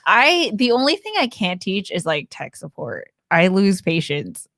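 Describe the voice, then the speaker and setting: A woman's voice: on the low side, very animated, measured pace, fairly bright tone, dry recording. A woman co-hosting a casual podcast, reading viewer comments and teasing her partner in a playful way. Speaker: podcast co-host.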